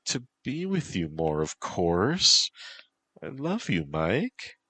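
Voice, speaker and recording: A man voicing a sweet, devoted young woman who is a dream spirit, speaking softly and affectionately in a storybook reading. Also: sits low, huge pitch swings, slow, slightly rough, pitched above the performer's own voice, full character voice. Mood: loving. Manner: soft and affectionate.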